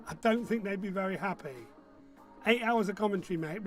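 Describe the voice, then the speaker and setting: A high-pitched man runs a relaxed online pub quiz, joking between answers and rattling off team scores. Soft music plays quietly behind him. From northern England. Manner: chatty, jokey, reads out scores briskly. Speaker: quiz host.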